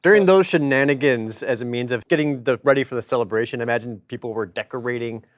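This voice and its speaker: A man's voice: medium pitch, quick pace, no room sound, clean studio sound. A man playing a tabletop game, describing his character's actions in a rambling, hesitant way. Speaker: player. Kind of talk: casual tabletop game chat.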